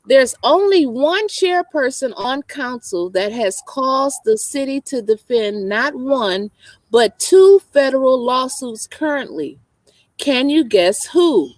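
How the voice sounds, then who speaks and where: High, sassy female co-host. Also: lively intonation, takes it slowly, no echo. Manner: sassy, teasing, laughs often. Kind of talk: casual chat.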